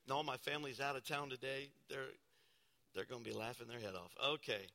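A middle-aged man preaching a sermon from a church pulpit, swinging from loud exclamations to hushed storytelling, with self-deprecating humor. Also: mid-range voice, a little fast, vocal fry. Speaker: pastor. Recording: long church hall reverb.

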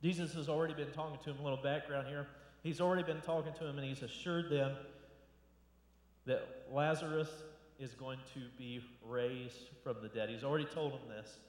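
A man's voice: on the high side, steady tone, brisk. A male pastor giving a loose, conversational sermon, often repeating words and restarting phrases. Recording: echoey hall with long reverb.

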